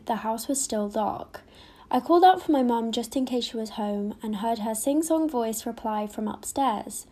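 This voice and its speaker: A woman calmly narrating a short scary story in a measured way. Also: a little high.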